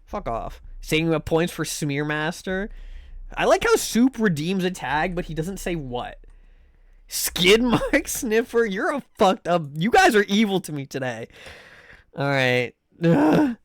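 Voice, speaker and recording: A male streamer rambles and jokes through a live game session, swearing freely and reacting to his viewers. His voice sits a little high and bounces around with lively swings in pitch. The sound is close and dry, with little room echo. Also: measured pace. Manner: joking, swearing, rambling, reacting loudly to chat. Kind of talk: casual live-stream commentary while gaming.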